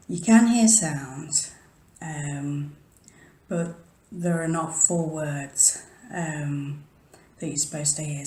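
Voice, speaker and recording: Early in the morning, a paranormal vlogger with a low-pitched, slightly mellow voice rambles chattily to her camera in a room at home. She often drops to a whisper and cuts herself off, and the room sounds echoey.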